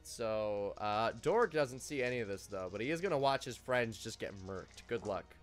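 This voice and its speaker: A man's voice: mid-range voice, expressive, normal speed, soft background music. A man narrating as game master of a tabletop game, loose and joking, with many fillers.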